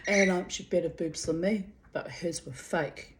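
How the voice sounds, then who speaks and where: A woman reading her old diary entries aloud and breaking off into animated, laughing, rambling asides. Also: fairly low pitch, moderate pace, low-quality recording. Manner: animated, laughing, digressive storyteller.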